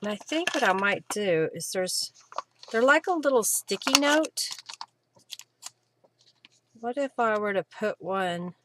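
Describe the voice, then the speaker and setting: A woman's voice: medium pitch, animated, takes it slowly, long pauses, heavy background noise. A middle-aged woman, chatting casually and answering viewer comments as she works on a craft live stream. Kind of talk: casual chat while crafting.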